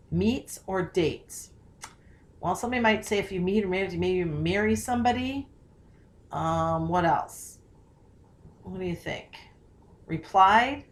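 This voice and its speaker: A woman teacher talks students through a spelling tutorial. She sounds out words slowly and carefully, breaking them into parts. She often stops to ask questions and check that they follow. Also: medium pitch.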